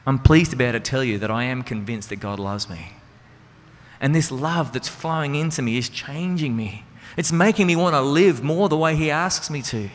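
A Christian speaker and singer delivers an earnest, conversational sermon, putting rhetorical questions to his listeners. His voice is a little high and a bit bright, heard in a reverberant hall with music behind him.

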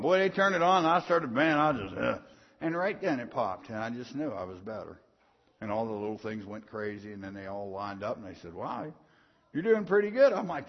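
A middle-aged man preaching a sermon in a folksy storytelling way, swinging from soft asides to loud punchy lines. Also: mid-range voice, animated, brisk. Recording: dull sound in a long-reverb hall.

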